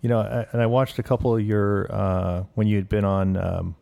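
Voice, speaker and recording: A man co-hosting a podcast who asks questions in a halting, restarting way. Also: lowish voice, little pitch movement, vocal fry, dark tone. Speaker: podcast co-host. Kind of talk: casual interview chat.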